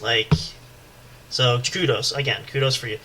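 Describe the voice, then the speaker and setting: A man co-hosting a podcast, telling a story in an animated, rambling way, with swearing and constant restarts. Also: medium pitch, moderate pace, rough recording. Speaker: podcast co-host. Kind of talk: casual podcast banter.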